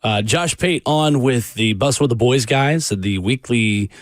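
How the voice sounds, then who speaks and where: A man hosting a sports talk radio show, upbeat and animated. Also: mid-range voice, unhurried, no room sound, studio quality. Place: radio studio.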